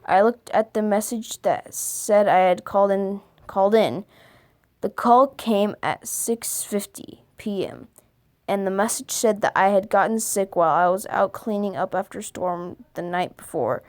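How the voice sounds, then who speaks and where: Woman reading creepy stories out loud, trips over words and fixes them as she goes. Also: medium pitch. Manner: halting reading with stumbles and self-corrections. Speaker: video creator. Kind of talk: reading scary stories aloud.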